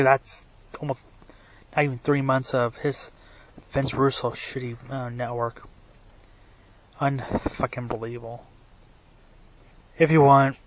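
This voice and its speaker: A man who does wrestling commentary vlogs goes on a rambling, profane rant, stumbling through fillers and restarts and saying he has a bad voice. His pitch is medium, and the recording quality is low.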